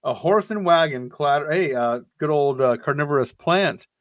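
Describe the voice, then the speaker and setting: A man's voice: fairly high pitch, lo-fi sound. A man co-hosting a podcast, chatting and joking while reading an adventure gamebook aloud. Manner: jokey, animated, quick asides. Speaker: podcast co-host.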